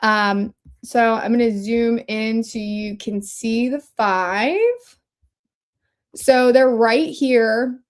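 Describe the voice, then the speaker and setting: Woman, livestream host, casual commentary, chatty, rambling, self-interrupting, slightly high voice. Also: fairly even intonation, very slow.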